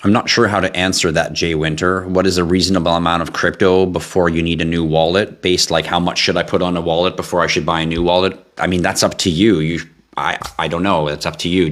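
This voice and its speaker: A man's voice: sits low, a bit bright. A man hosting a casual live stream, reading out viewer questions and answering them in a blunt, offhand, joking way.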